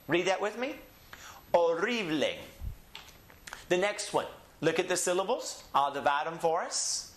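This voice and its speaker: A Spanish teacher leads a recorded lesson, slowly drawing out each model word and prompting listeners to repeat after him in call-and-repeat drills. His voice is a little high for a man and a bit bright, and the room gives a noticeable echo.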